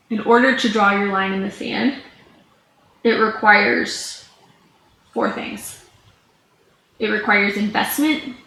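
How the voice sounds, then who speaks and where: A woman's voice: mid-range voice, a bit bright. A woman in her thirties, a business coach, telling a personal story to camera in a candid, rambling way with lots of "like" fillers. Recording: echoey room with faint background hum.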